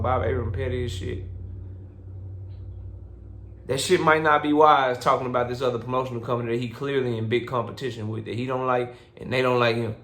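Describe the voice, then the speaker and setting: A man delivers a casual boxing rant in a blunt, profane way, lecturing his listeners to wise up. His voice sits at a mid pitch and carries a noticeable echo from the room around him. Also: fairly bright tone. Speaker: boxing commentary vlogger. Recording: roomy echo.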